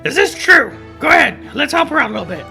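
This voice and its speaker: A man's voice: very high-pitched, sing-song, vocal fry, pushed and bright, faint music behind, heavily acted. A man voicing a cheeky male sparrow lawyer who teases and cracks puns. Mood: teasing. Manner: jokey, teasing, quick. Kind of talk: let's play character voicing.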